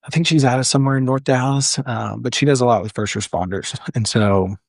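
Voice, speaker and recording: A man's voice: medium pitch, fairly quick, creaky, no echo, studio quality. A young man telling a personal story as a firefighter guest on a podcast, earnest and full of "like" fillers. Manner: earnest, frequent "like" fillers and restarts. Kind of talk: candid storytelling in a podcast interview.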